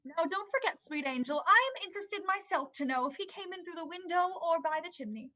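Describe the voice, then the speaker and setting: A woman's voice: extremely high pitch, animated, a little fast, bright, forceful tone, heavily acted. A woman doing a flustered, fussing mother. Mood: teasing. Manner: fussy, evasive, flustered. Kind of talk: amateur online dramatic reading. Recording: dull lo-fi sound.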